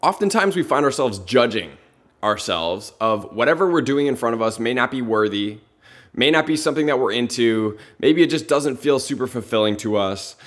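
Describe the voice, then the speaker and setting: A man's voice: medium pitch, expressive, normal speed. Earnest motivational podcast host, man. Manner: earnest, lots of rhetorical questions and "like" fillers.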